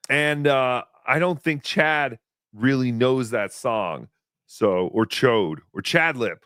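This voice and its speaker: A man's voice: mid-range voice, a bit bright, clean tone, dry recording, clean studio sound. A man hosting a casual livestream, reading chat donations aloud in a rambling, joking, self-deprecating way.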